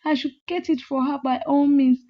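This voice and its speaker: A woman's voice: fairly even intonation, moderate pace, natural voice. A woman voicing a frightened young woman who pleads and insists over and over that she is innocent. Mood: desperate. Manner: high, pleading, repeating herself. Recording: slightly muffled lo-fi audio.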